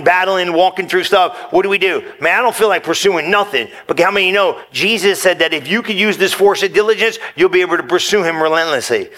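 A man preaching with a high, bright and keen voice. He is animated and casual, throws in slang, and talks straight to his listeners in a sermon. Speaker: pastor.

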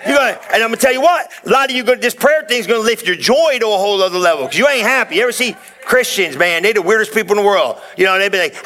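A man preaching a sermon as pastor, in an energetic, folksy, conversational way, joking with the congregation and shouting out punchlines. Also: sits high, brisk, a crowd in the background.

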